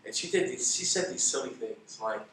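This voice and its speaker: A bright, forceful-voiced man is a guest in a relaxed interview, telling stories briskly at medium pitch and animatedly acting out what people said. A distant mic captures him in a very echoey room with a little background noise.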